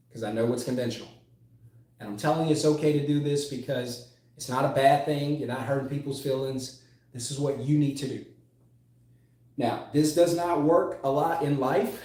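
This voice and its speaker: A man's voice: mid-range voice, dark tone. A man teaching sales as a coach, emphatic, repeating key phrases and drawing out words for stress. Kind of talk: motivational sales lesson. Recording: echoey room.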